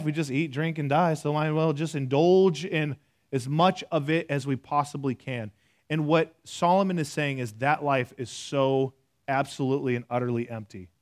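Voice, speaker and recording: A man preaching a conversational sermon, reading scripture aloud between loose, filler-heavy asides. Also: a little high. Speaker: pastor.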